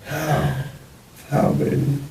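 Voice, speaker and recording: A man's voice: on the high side, completely flat delivery, very slow, vocal fry. A man in police interrogation footage talking remorsefully and repeating himself, recorded in an interrogation room. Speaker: murder suspect in interrogation. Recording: echoey room, mic far off, faint hiss.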